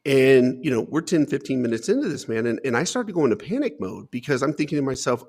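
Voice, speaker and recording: A man's voice: medium pitch, very animated, brisk, creaky, hardly any pauses, breathy edge. A man as an interview guest, earnestly recounting his life story with emphatic repetition.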